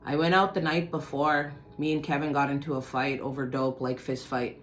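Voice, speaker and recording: A woman telling a personal story to her viewers in casual talk, swearing often and swinging from low muttering to loud outbursts. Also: flat delivery, moderate pace, soft background music.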